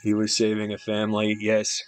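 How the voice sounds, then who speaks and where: A man's voice: on the low side, monotone, moderate pace, clear, resonant tone, faint music behind. A man streaming a video game live, chatting casually and rambling between remarks, with an easy, offhand swear here and there.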